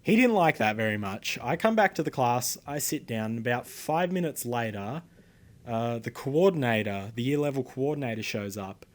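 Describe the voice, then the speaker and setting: An Australian teenage boy vlogging a complaint, talking in loose, rambling runs full of "um" and "anyways". His mid-pitched voice carries a defiant, indignant edge, with casual swearing throughout. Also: lively intonation, moderate pace. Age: teens. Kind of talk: casual storytelling to camera.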